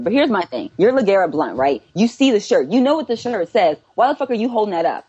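Husky-voiced woman giving opinions. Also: medium pitch, very animated, fast talker, hardly any pauses, mellow, muffled recording. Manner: opinionated, emphatic rhetorical questions. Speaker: podcast co-host. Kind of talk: casual sports chat.

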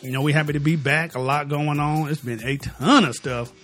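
Laid-back sports podcast host with a lisp. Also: male voice, on the high side, brisk, fairly bright tone, faint music behind. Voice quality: slight lisp. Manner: laid-back, loose slang. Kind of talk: casual sports talk.

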